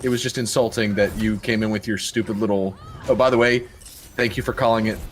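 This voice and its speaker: A man's voice: fairly low pitch, steady tone, a little fast, slight background noise. A young man co-hosting a gaming livestream, talking casually, rambling with restarts and laughs.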